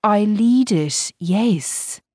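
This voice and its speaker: Calm measured official, as a woman reader plays her. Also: mid-range voice, breathy edge, no echo, studio quality, voice pushed up, full character voice. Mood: explaining. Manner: measured, careful explaining. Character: calm woman leading a government ministry.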